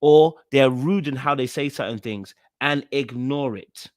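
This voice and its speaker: A man's voice: mid-range voice, unhurried, no echo. Man, casual show commentary, repeats himself, lots of fillers, dry close sound. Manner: animated, repeats himself, many fillers and restarts. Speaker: reaction video host.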